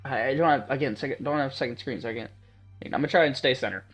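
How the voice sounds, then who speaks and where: A man's voice: mid-range voice, fast, a bit bright, slightly rough, faint music behind. Man joking through a game playthrough. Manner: playful, joking, talks to viewers. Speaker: gaming channel host. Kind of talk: let's play commentary and narration.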